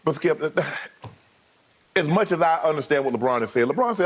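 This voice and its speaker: A man co-hosting a sports debate show, excitable and animated, often quoting players in a raised voice and laughing. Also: fairly high pitch, brisk.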